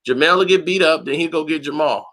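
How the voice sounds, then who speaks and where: Talking fast in a fairly high-pitched voice, a man who hosts a boxing channel recounts a story bluntly and combatively, full of slang. It's a casual, animated monologue in which he acts out others' words in a raised voice.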